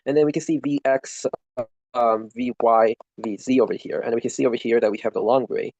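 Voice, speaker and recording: A man's voice: medium pitch, fairly even intonation, fairly quick, darkish tone, no echo, rough recording. A young man talking through a study review, rambling and self-deprecating, swearing at his tablet now and then. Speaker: student reviewing for an exam. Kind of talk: casual screen-recorded study walkthrough.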